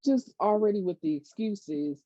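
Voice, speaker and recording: A woman's voice: medium pitch, expressive, moderate pace, mellow, no echo. A woman giving a casual, chatty TV episode recap, retelling scenes with lots of fillers. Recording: dull lo-fi dry recording.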